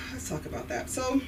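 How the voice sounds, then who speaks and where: A Nigerian woman in her fifties doing a stand-up comedy set in a club, animated and switching between voices. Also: sits high. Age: 50s. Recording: distant mic, noisy room. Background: audience laughter.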